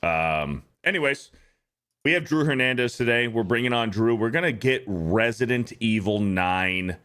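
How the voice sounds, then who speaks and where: A man's voice: mid-range voice, expressive, moderate pace, fairly bright tone, clear, resonant tone. A man hosting a casual podcast, talking in crude, joking banter. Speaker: podcast host.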